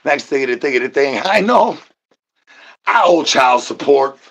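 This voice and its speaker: A husky-voiced man barrels through an absurd comedy rant, stacking rhyming nonsense slang and stammering over repeated words. He breaks out shouted catchphrases along the way. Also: mid-range voice, lively intonation, measured pace. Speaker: comedy channel host.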